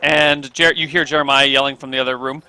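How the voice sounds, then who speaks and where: A man's voice: medium pitch, flat delivery, fast, pushed and bright, smooth. A man narrating as dungeon master in a casual tabletop game.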